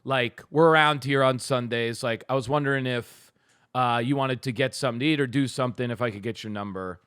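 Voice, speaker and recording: A man's voice: mid-range voice, brisk, clean tone, no echo, studio quality. A man co-hosting a comedy podcast, telling a story in casual chat and acting out what he said. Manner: animated, acts out his own quoted lines. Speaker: podcast co-host.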